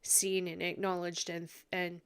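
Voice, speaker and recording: A woman giving a psychic reading in a vlog, hesitant and full of pauses, tearful and sniffly. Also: lowish voice, monotone, clean tone. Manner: hesitant, many ums and restarts. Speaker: psychic reader. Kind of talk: emotional psychic commentary vlog.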